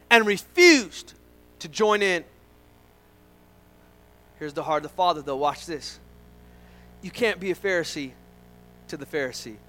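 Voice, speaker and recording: A man's voice: high voice, fairly bright tone, low-quality recording. A man preaching a sermon as pastor, earnest and emphatic, driving points home with repetition.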